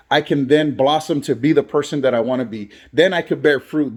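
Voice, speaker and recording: A man's voice: a little high, a little mellow. A man who is a barber and father, talking earnestly in a motivational vlog and repeating phrases for emphasis. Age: adult, has kids. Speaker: barber and vlogger.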